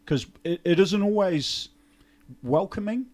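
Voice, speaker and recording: A man with a New Zealand accent hosting a casual chat podcast, relaxed and mixing in Māori phrases. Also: sits high, unhurried. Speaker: podcast host.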